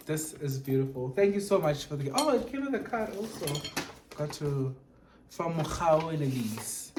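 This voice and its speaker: A vlogger chatting casually through an unboxing, gushing and animated, switching between English and Sesotho. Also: mid-range voice, unhurried, a little hiss or hum.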